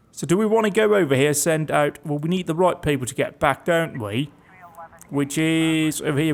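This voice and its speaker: A man giving sardonic, jokey commentary while playing a game and reading its text aloud. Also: fairly high pitch. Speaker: gaming YouTuber. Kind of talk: casual let's-play commentary.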